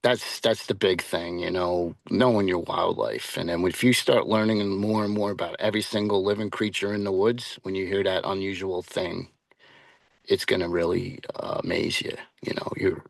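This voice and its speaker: A man with a fairly low voice speaks in a loose, rambling way, full of "um"s and restarts, as a guest on a paranormal interview. The recording is dry and close, with no room sound. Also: steady tone, moderate pace, gravelly, no echo. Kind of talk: casual interview chat.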